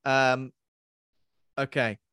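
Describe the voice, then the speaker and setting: A man's voice: medium pitch, level tone, drawn-out words, pushed and bright, clear, resonant tone, no echo, studio quality. A man hosting a podcast in a casual chat, giggling and mocking himself as he stumbles over his words. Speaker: podcast host.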